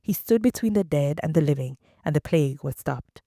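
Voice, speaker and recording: A woman reading scripture aloud in a measured, deliberate way. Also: low-pitched, lively intonation, warm tone, no room sound, clean studio sound. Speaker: scripture reader.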